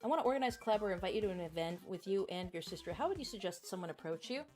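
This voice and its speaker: A woman's voice: medium pitch, lively intonation, racing, darkish tone, faint music behind. Rambling woman streamer, casual chat. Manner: rambling, many fillers, candid.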